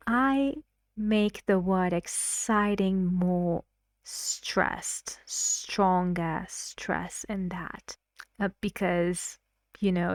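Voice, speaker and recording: Slow, careful woman teacher. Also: medium pitch, no echo, studio quality. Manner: slow, careful explaining, acts out stressed words in example sentences. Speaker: English teacher. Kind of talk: recorded lesson explanation.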